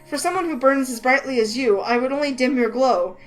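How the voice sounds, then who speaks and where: A woman voicing a shy, soft-spoken young man who talks politely and formally and hesitates, with faint music behind her. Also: high-pitched, fairly quick, close to an everyday voice, rough recording. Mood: earnest.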